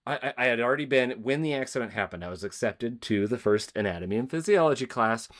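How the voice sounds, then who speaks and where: A podcast host from the Spokane, Washington area tells a personal story during a conversational interview. His medium-pitched voice is expressive and quick, and he's earnest and rambling, with many restarts.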